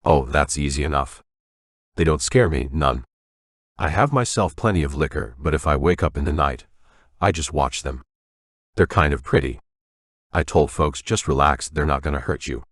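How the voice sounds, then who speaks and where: A prickly old navy veteran in his nineties snaps at the intruders in his house, as a man reads him aloud. The voice sits extremely low. The sound is dry and close, with no room around it. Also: normal speed, pauses often, a bit bright, no echo. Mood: grumbling. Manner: crotchety, prickly.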